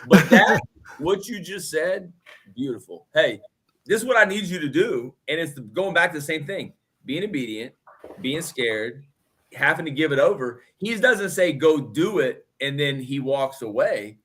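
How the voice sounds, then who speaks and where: Animated man with a lively voice. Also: on the high side, slightly rough. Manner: animated, emphatic, quick bursts. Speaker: podcast co-host. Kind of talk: casual faith chat.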